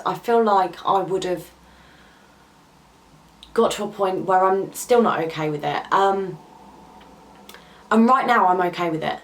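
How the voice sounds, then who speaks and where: A woman's voice: medium pitch, moderate pace, pauses often, poor audio. A young woman vlogger talking candidly to camera in a heartfelt, confiding way, with hesitant ums, at times near tears. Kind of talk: candid personal talk to camera.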